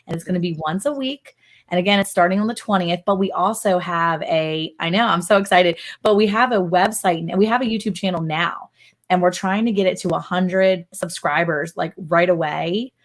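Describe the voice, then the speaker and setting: Chatty excited woman hosting a livestream. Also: on the low side. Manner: excited, chatty, many fillers. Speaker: livestream host. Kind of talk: casual live chat.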